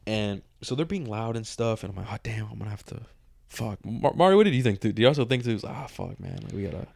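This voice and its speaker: Talking fast in a fairly low, gravelly voice, this twenty-something podcast co-host spins a story with lively energy. He curses freely and performs the dialogue himself, and the recording is studio quality with no echo.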